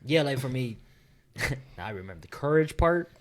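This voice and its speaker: A man in his thirties with a mid-range voice hosts a relaxed podcast. He talks easily and casually, often checking in with his listeners with "you know what I mean?". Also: medium pitch, moderate pace. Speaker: podcast host. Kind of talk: casual chat.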